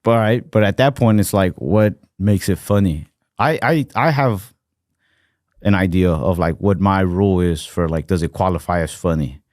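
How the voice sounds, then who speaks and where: A man with a lowish voice chats loosely as a podcast co-host, hedging and circling back with fillers. He swears casually and trails off often. The sound is dry and close. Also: moderate pace, darkish tone, no room sound. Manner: rambling, profane, hesitant with many fillers.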